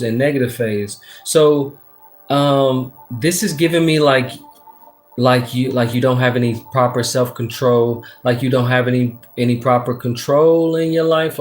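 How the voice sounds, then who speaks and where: A man from Texas, casually chatting on a livestream as a tarot reader. He reads comments aloud, uses slang, swears freely and gives a lot of shout-outs. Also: mid-range voice.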